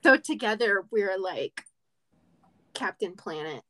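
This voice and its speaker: A woman's voice: mid-range voice, lively intonation, slow, sharp tone. Playful, joking woman podcast host. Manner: playful, joking, laughs often. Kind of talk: casual chat.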